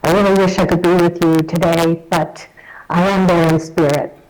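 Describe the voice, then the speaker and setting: A woman's voice: lowish voice, steady tone, moderate pace, poor audio. A woman with an American accent giving a chatty, enthusiastic recorded video message to a conference as an association chief executive. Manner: warm, chatty and enthusiastic, with light self-deprecating humour. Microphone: self-recorded video message.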